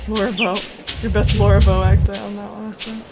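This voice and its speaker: A woman's voice: mid-range voice, level tone, a little fast, loud music behind the voice. A woman streaming a game from her home basement, thinking aloud and chatting casually with her viewers. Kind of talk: casual live-stream commentary. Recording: home stream mic with loud background noise.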